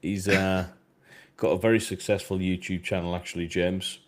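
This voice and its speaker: A man's voice: low-pitched, level tone, normal speed. A man with a British accent hosting a live podcast stream, talking in a hesitant, easygoing way full of fillers. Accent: British English. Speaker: podcast host reading chat. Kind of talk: casual live-stream chat.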